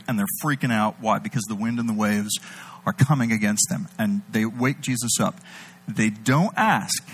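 A man preaching a sermon, animated, swinging between loud emphatic bursts and low intimate delivery. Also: breathy edge, low-quality recording.

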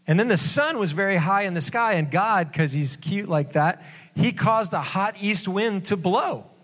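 A man with a fairly high voice preaches in a relaxed, conversational way, dropping jokes and quick asides. His words ring out with a long hall reverb behind them. The tone stays casual rather than formal. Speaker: pastor. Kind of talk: casual sermon.

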